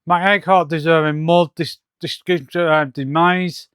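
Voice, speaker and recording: A man reading the lines of a scheming male mad scientist villain from a comic, halting with fillers. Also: a little high, steady tone, fairly bright tone, smooth, dry recording, clean studio sound. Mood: boastful.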